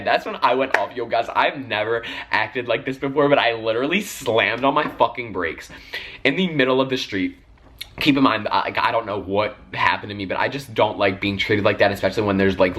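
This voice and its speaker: Young male vlogger at mid pitch, animated and profane, heavy on "like" and "literally". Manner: animated, swearing constantly, lots of filler "like" and "literally". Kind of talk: storytime vlog.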